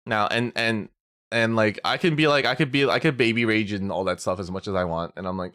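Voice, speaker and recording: A man's voice: on the low side, a little fast, fairly bright tone, smooth, no echo, studio quality. A young man chatting casually on a stream, telling a story with swearing, laughter and many restarts. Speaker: VTuber streamer.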